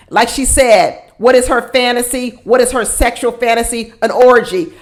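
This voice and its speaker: A woman's voice: a little high, normal speed, hardly any pauses. A woman hosting a casual reality show recap, blunt and sassy, often repeating her points for emphasis.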